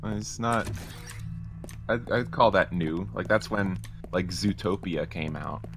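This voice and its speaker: A man's voice: low voice, vocal fry, over music. A man chatting casually on a game stream, tripping over his words as he starts his sentences. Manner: halting, repeats words when starting. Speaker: stream co-host. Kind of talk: casual gaming stream chat.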